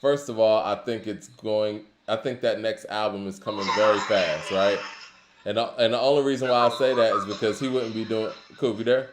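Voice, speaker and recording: A man's voice: fairly low pitch, a little fast, echoey room, heavy background noise. A man co-hosting a casual talk show, musing conversationally with lots of filler phrases. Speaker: podcast co-host. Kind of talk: casual hip-hop discussion.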